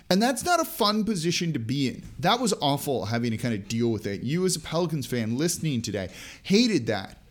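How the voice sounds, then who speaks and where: A man hosting a sports podcast, talking casually through his analysis and asking the listener rhetorical questions. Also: medium pitch. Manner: conversational, asks rhetorical questions. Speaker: podcast host. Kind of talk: sports podcast talk and ad read.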